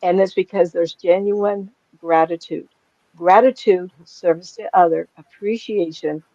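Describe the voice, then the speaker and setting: A woman's voice: on the low side, steady tone, a little slow, warm tone, dry recording. A woman in her sixties, a psychic medium, talking casually to a small group in a rambling, chatty way that is full of laughs. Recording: dull, lo-fi and dry.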